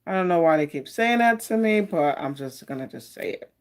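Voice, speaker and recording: A woman's voice: on the low side, expressive, a little fast, a little mellow. Chatty woman doing a live card reading. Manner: chatty and meandering, greets viewers by name. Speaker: tarot card reader hosting a live stream.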